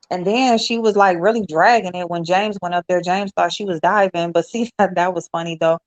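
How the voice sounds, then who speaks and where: A woman hosting a casual livestream panel, talking fast and bluntly, swearing freely, and mimicking other people in a high voice. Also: fairly even intonation, dry recording. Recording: dull lo-fi stream audio.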